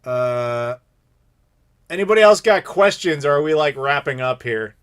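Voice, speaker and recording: A man's voice: a little high, measured pace, smooth. A man in his thirties hosting a live Q&A stream, telling rambling stories in casual chat. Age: 30s. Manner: rambling, animated storytelling with laughs. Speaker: streamer host.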